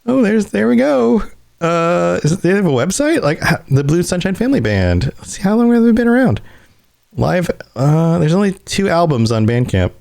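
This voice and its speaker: Podcast guy with a really lively swinging voice, laughs a lot, clicks around online while he talks. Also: high-pitched, moderate pace, creaky. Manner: laughs often, animated, browses online while talking. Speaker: podcast co-host. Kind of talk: casual podcast chat.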